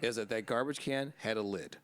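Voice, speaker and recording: A man's voice: lowish voice, fairly quick, dry recording. A man hosting a casual podcast, telling long rambling stories full of swearing and laughing at his own punchlines. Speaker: podcast host.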